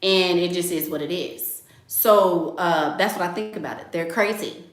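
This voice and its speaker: A woman's voice: fairly low pitch, normal speed, reverberant. A young woman hosting a casual livestream, reading out donations and talking emphatically, repeating her points and saying "y'all" often. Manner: animated, emphatic, repeats phrases, Southern US slang like "y'all".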